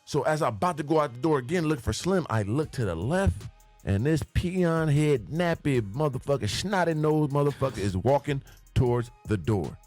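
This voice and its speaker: A man's voice: medium pitch, animated, normal speed, darkish tone, no echo, faint music behind. A man telling the story of his life as a podcast guest, with vivid, profane scene-by-scene storytelling and spoken sound effects. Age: older than the hosts. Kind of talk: animated storytelling.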